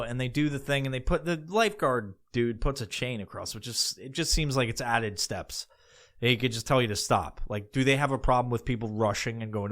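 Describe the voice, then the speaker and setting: Male podcast host, mid-pitched, foul-mouthed rambling comic storyteller. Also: brisk, a bit bright. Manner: crude, profanity-laden, rambling.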